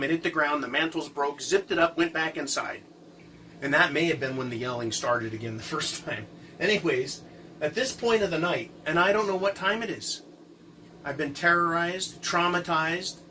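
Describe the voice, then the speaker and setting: Male storyteller, bright and a bit high, casual and animated, some distance from the mic. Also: slight background noise. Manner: animated, repeats words, keeps asking right?. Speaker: vlogger telling a personal encounter story. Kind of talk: casual first-person storytelling.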